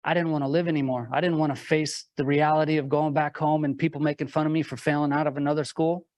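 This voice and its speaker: A man's voice: fairly high pitch, level tone, fast talker, a little mellow, no echo, clean studio sound. A man giving a motivational talk, telling his own story earnestly to a live audience and building it up with repeated rhetorical questions. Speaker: motivational speaker.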